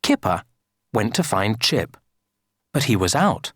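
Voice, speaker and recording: A woman reading a children's story aloud for an English lesson, slow and sing-song. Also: extremely low pitch, big pitch swings, fairly bright tone, husky, dry recording, clean studio sound.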